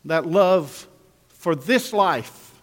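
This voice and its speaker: Emphatic preacher with a ringing echo. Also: male voice, on the high side, animated, extremely slow. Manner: emphatic, repetitive, calls on the congregation. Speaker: pastor. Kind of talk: sermon. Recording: long echo of a large hall.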